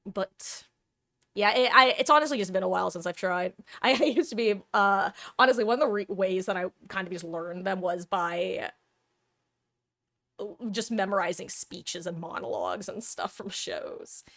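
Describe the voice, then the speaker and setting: A woman's voice: mid-range voice, moderate pace, creaky, fairly bright tone. A woman livestreamer chatting casually with her viewers, rambling along with frequent restarts and laughs. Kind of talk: casual chat with stream viewers.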